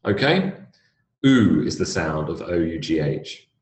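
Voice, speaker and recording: A British man with a low, deep voice teaches an English pronunciation lesson. He speaks clearly and deliberately and spells words out letter by letter. The room is roomy and echoey. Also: expressive. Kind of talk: recorded lecture. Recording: roomy echo.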